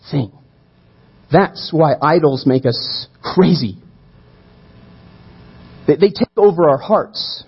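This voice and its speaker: A man preaching a sermon, telling the story with animated energy and acting out the quoted voices. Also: on the high side, breathy edge, lo-fi sound. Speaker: pastor.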